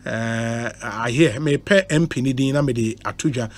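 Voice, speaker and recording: A man's voice: medium pitch, moderate pace, few pauses, dry recording. A Ghanaian man hosting a radio talk show, mixing Twi and English and reading out listener messages. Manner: reads out listener messages, animated and laughing. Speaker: radio host. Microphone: studio microphone.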